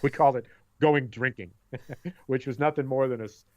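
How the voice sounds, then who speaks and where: A middle-aged man co-hosting a podcast in casual chat, an animated storyteller who acts out voices. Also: medium pitch, moderate pace. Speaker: podcast co-host. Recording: dull lo-fi sound.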